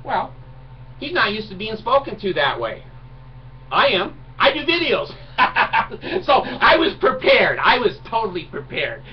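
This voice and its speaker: Middle-aged vlogger, animated mocking rant, recorded far off with faint hiss. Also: male voice, high voice, unhurried. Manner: mocking, indignant, laughs at own jokes. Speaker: video blogger. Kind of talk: ranting monologue. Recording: distant mic, dull lo-fi sound, faint noise.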